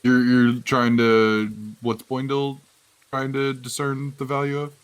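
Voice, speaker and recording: A man's voice: mid-range voice, monotone, a little slow, clear, resonant tone. A man narrating as game master of a tabletop game, hesitant with many fillers.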